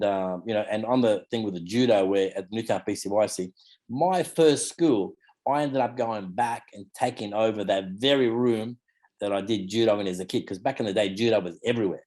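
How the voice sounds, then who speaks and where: A martial arts teacher from Australia, in his fifties, speaks in a fairly low, darkish voice during a casual interview. He wanders from point to point, often falling back on "you know" and "mate."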